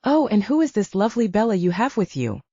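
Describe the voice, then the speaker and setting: Woman doing a jovial Italian host, thick accent, lively and mellow, dull dry audiobook sound. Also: medium pitch, fast, breathy edge, dry recording, pitched above the performer's own voice. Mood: effusive. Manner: warm, effusive, theatrical. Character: loud jovial middle-aged Italian restaurant owner, big man.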